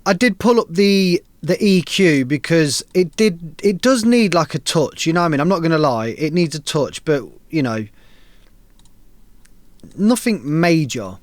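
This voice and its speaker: A man's voice: a little high, animated, measured pace. A man casually hosting a live stream, giving laid-back, enthusiastic feedback on music tracks with plenty of slang.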